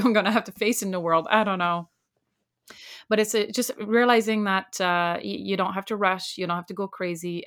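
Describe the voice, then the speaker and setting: Earnest reflective woman, slightly low voice. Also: a bit bright. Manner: earnest and reflective, laughs readily. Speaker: life coach, podcast guest. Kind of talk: casual heartfelt podcast chat.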